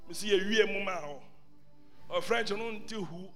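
High, bright-voiced bishop preaching. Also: male voice, measured pace. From Ghana. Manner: emphatic, repeats phrases, swings between loud exclamations and quiet asides. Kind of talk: sermon. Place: church service hall. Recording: long reverb of a large hall, faint music.

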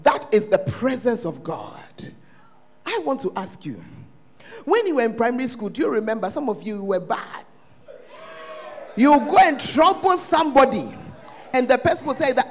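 A man with a Ghanaian English accent, preaching a sermon as pastor at a church service, swinging between shouted lines and hushed asides. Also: extremely high pitch, very animated, normal speed, a faint crowd.

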